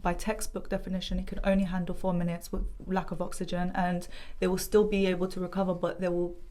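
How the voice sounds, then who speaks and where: A young woman tells a painful family story on a podcast. Her voice sits a little low for a woman. She talks in long, earnest, winding runs full of fillers. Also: little pitch movement, fast talker, warm tone. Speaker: guest. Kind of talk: emotional personal testimony.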